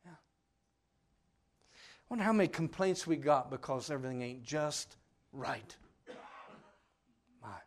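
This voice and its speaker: A preacher delivers a sermon in a fairly high voice full of rising and falling pitch. He swings from loud, shouting lines to hushed ones and plays out the voices of the people in his story. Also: animated, takes it slowly, pauses often.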